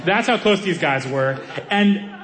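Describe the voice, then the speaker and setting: A man doing stand-up comedy, telling a story in an animated way and acting out the people in it. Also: high-pitched, a little slow. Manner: animated, acts out characters' voices.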